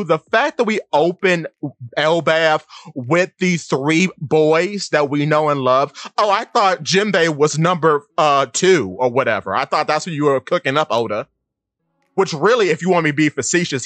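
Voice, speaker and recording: Podcast co-host, male, high-pitched, excitable ranter, dry close mic. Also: no room sound. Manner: excitable, ranting, mock-outraged and laughing. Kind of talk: casual podcast chat.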